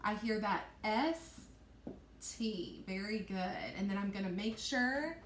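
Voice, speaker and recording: A woman teacher giving a recorded online reading lesson to young children, slowly stretching out and sounding out words in a sing-song way. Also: mid-range voice, lively intonation, a little hiss or hum. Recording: echoey room.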